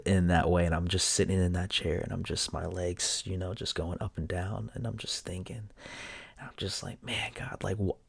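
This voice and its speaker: A young man tells a personal story in a halting, emotional way, with many fillers and drops to a near-whisper. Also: sits low, vocal fry, dry recording, studio quality. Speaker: vlogger.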